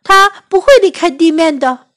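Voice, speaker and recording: A woman's voice: very high-pitched, normal speed, fairly bright tone, pitched above the performer's own voice. A woman voicing a gloomy male toad in a bilingual children's storybook reading, complaining and ready to quit. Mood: discouraged. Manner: complaining, discouraged.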